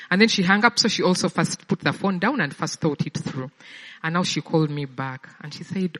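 A woman's voice: low voice, a little fast, fairly bright tone, long reverb tail. A woman giving a sermon-style personal testimony in a conversational way, often repeating words as she searches for them. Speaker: speaker sharing a personal testimony.

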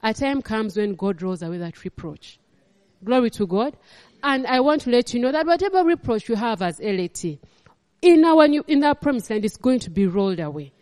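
A woman's voice: a little high, big pitch swings, normal speed, darkish tone, big-room sound. A woman pastor with a Ugandan accent preaching a sermon, emphatic and repeating her phrases.

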